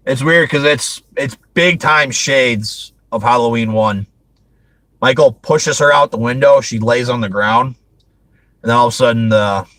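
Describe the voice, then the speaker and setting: A man's voice: mid-range voice, pushed and bright, no echo, low-quality recording. A man hosting a casual movie review chat, rambling with frequent restarts and laughing often. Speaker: host.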